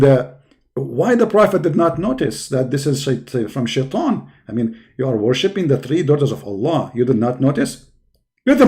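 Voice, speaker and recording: A man's voice: a little high, a little mellow. A man giving a polemic religious talk, sarcastic and mocking, with heavy repetition for emphasis. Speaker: religious debater.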